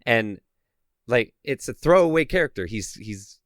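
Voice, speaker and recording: A man co-hosting a horror podcast, chatting loosely and excitedly about a film, sometimes swearing. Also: mid-range voice, a little slow, dry recording, clean studio sound. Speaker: podcast co-host. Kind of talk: casual movie review chat.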